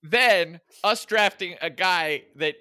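A man co-hosting a podcast in a slow, wry, laughing way. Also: high-pitched, bright, forceful tone, clear, resonant tone, no echo. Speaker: podcast co-host. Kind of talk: casual chat.

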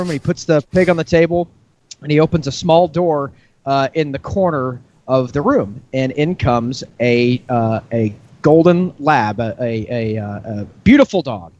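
A man co-hosting a podcast, telling a drawn-out joke in casual chat and acting out the characters. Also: a little high, darkish tone, lo-fi sound. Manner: drawn-out storyteller, acts out characters. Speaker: podcast co-host.

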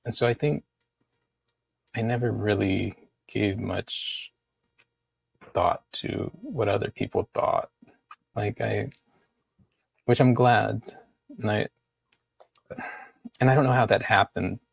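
Artist guest, middle-aged man, slow and relaxed, gravelly voice. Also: fairly low pitch, dry recording. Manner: slow, laid-back storytelling. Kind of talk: casual conversation.

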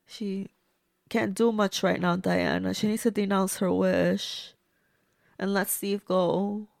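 A woman's voice: mid-range voice, level tone, slow pace, gravelly, no room sound, clean studio sound. A woman reacting to a movie as she watches it, gushing and blunt, talking back at the screen. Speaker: movie reviewer. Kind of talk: casual movie reaction commentary.

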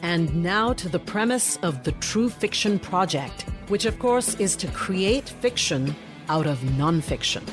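A woman's voice: lowish voice, lively intonation, measured pace, music in the background. A woman hosting a podcast, thanking her guest politely and introducing the show's premise. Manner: polite, grateful. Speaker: podcast host. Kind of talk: podcast outro.

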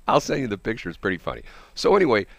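A man hosting a radio show, telling a story in a casual, animated way, laughing often and acting out what other people said. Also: medium pitch, gravelly, no echo.

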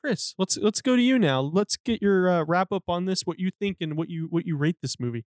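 A man's voice: sits high, expressive, fairly quick, no room sound, clean studio sound. A man co-hosting a podcast, chatting casually about a film with profane, rambling, laughing talk. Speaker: podcast co-host. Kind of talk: casual movie-review chat.

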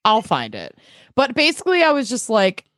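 A woman's voice: on the high side, huge pitch swings, normal speed, fairly bright tone, no room sound, studio quality. A woman co-hosting a casual podcast, blunt, sarcastic and swearing freely. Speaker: podcast co-host. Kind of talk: casual rewatch podcast chat.

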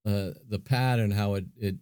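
This man's lowish voice is steady, a little mellow, clear and resonant, at a normal speed. He co-hosts a podcast, chatting informally and thinking aloud with many fillers. The recording has no echo and clean studio sound.

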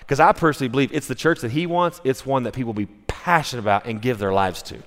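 Male pastor preaching to a congregation, mid pitch, chatty storyteller, reverberant sanctuary. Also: fast talker, fairly bright tone. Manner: conversational storytelling, frequent restarts. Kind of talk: sermon. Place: church sanctuary. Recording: long reverb of a church hall.

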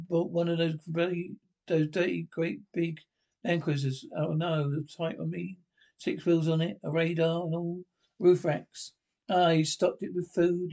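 An actor playing a chatty working-class bloke telling a rambling anecdote about a mate, in a sketch comedy show. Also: male voice, a little high, darkish tone. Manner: rambling, casual, self-correcting storytelling.

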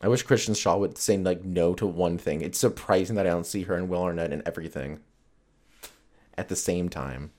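A man with a deep, low voice talks to his listeners alone on a podcast. He rambles from topic to topic in a loose, profane, joking way. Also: fairly even intonation, a little fast, dark tone. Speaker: podcast host. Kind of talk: casual solo podcast chat.

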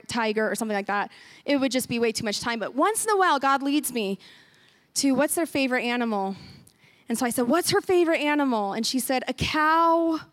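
A woman with a high voice tells a church testimony. She speaks earnestly and with deep feeling, often acting out her own past thoughts as she goes. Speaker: guest speaker sharing a ministry testimony.

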